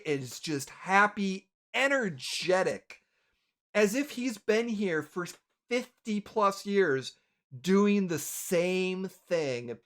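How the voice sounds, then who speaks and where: Animated, rambling game master. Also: male voice, high-pitched. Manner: rambling, self-correcting narration. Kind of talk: narrating a tabletop game.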